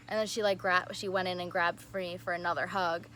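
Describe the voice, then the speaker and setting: Excited young woman gushing in a vlog. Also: lowish voice, fairly quick, slight background noise. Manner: excited and gushing, heavy use of "like". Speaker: vlogger. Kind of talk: casual storytime vlog.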